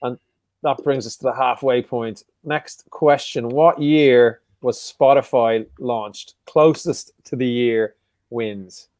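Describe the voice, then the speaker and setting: A man hosting a casual live quiz, joking around and repeating each question slowly. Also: mid-range voice, steady tone, a little mellow, no echo. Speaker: quiz host.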